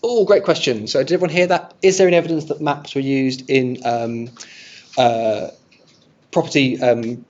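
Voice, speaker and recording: The archive presenter's voice is medium in pitch, steady and a little mellow, at a normal pace. Before a live audience he gives an illustrated history lecture with questions, staying friendly while thinking aloud and restarting. The recording sounds dull and lo-fi.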